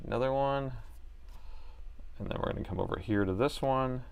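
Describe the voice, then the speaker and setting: A man's voice: medium pitch, normal speed, gravelly, darkish tone, clean tone. A man hosting a laptop repair livestream, chatting casually to viewers and laughing often as he works. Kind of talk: casual live repair chat.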